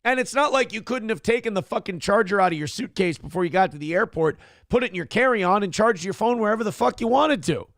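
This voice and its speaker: Sarcastic high-voiced man mocking a clip. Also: expressive, fast talker, hardly any pauses, fairly bright tone, no echo, studio quality. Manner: sarcastic, crude, mocking impressions. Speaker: morning show host. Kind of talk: mocking commentary on a viral clip.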